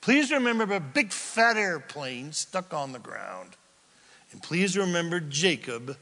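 A male pastor giving a sermon, telling a story with animated delivery and questions to the congregation. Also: a little high, a little slow, in a large hall. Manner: animated storytelling, acts out quotes, asks the crowd questions.

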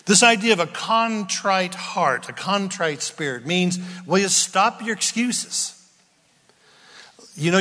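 A man preaching a sermon, swinging from loud outbursts down to near whispers. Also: sits high. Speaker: pastor. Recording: long hall reverb.

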